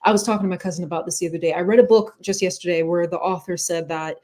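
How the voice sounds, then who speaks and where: A woman's voice: on the low side, steady tone, rapid-fire, warm tone. Guest creator, female, from the US South, earnest and reflective. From US South, Atlanta area. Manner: earnest, reflective, tells stories with quoted voices. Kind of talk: casual interview chat.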